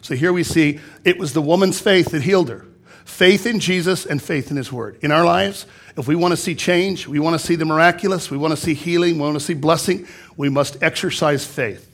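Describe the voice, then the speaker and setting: A man's voice: fairly high pitch, brisk. A man, a pastor, preaching a sermon in a church, reading scripture aloud and explaining it with emphatic repetition. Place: church sanctuary.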